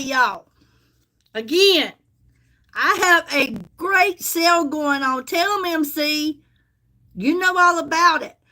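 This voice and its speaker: Bright, high-voiced Southern woman. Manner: folksy, chatty, calls viewers honey. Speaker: live-stream seller. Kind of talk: casual live-stream chat.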